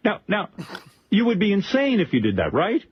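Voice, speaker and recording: A man's voice: high-pitched, wildly swooping pitch, normal speed, slightly rough, no room sound. A male radio host talking to a caller on air, incredulous and mock-reasoning. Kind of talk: radio talk show. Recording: dull archive radio audio.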